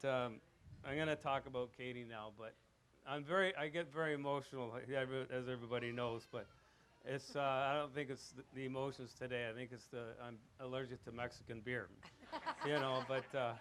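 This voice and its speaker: A man giving a rambling father-of-the-bride wedding speech, telling anecdotes with chuckles and getting loud and animated. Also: mid-range voice, fairly quick, slight background noise. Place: wedding reception.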